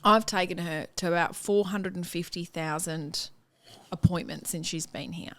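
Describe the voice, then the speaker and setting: A woman's voice: lowish voice, fairly even intonation, normal speed, no room sound. An Australian woman co-hosting a comedy podcast, telling stories in casual chat and quoting her mum in dry asides. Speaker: podcast co-host.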